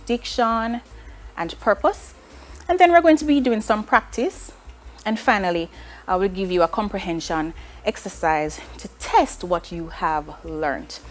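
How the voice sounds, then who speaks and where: A woman with a Jamaican accent, a teacher giving a recorded online class, explaining in a clear, measured way and asking her students rhetorical questions. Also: mid-range voice.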